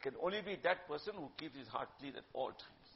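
High, gravelly preacher. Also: male voice, expressive, fairly quick, a little hiss or hum. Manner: emphatic, swings from loud to hushed, mixes in Urdu phrases. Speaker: religious teacher. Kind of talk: sermon-style religious talk. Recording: dull lo-fi recording.

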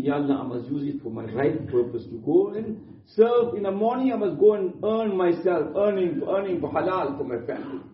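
A man preaching a sermon earnestly, repeating points in simple, non-native English phrasing. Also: sits high. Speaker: Islamic preacher. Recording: distant, dull, echoey room.

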